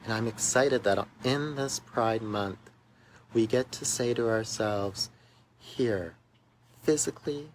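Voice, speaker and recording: A man's voice: on the low side, takes it slowly, a little hiss or hum, poor audio. A man, a minister, telling a personal story in a church video message, recorded outdoors beside a church walkway. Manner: earnest storytelling, emphatic in places.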